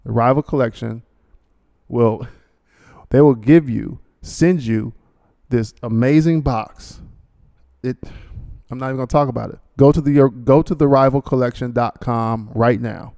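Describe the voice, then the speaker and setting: A man's voice: medium pitch, measured pace, vocal fry, long pauses, warm tone. A man hosting a podcast in a rambling, joking monologue, full of fillers and asides. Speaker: podcast host. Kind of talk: casual monologue with a read sponsor ad.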